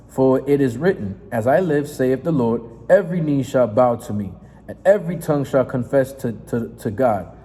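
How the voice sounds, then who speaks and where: A man preaching in a fiery, confrontational sermon, reading scripture aloud and breaking off into profane, emphatic asides with a steady "right?". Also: mid-range voice. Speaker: street preacher. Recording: reverberant space with faint noise.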